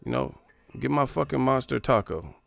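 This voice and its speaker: A man's voice: medium pitch, sing-song, normal speed, vocal fry, fairly bright tone, dry recording. A man hosting a boxing livestream, ranting casually and profanely while driving his car. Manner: profane, rambling, mocking. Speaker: boxing channel host.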